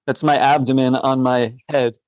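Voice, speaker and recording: A man's voice: mid-range voice, level tone, moderate pace, no room sound, lo-fi sound. A man speaking as a podcast guest from a hospital room, reflective and hesitant, with many fillers. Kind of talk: interview conversation.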